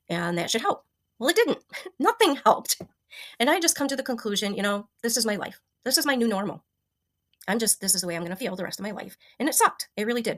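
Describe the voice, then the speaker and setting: A woman's voice: mid-range voice, a bit bright. A woman in her fifties sharing a personal health story, earnest and emotional, with many ums and restarts. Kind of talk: personal testimonial.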